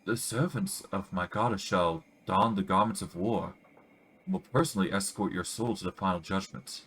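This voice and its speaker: A man voicing a calm, stern woman priestess of death in a video game, speaking in a solemn, measured way. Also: low voice, a little hiss or hum.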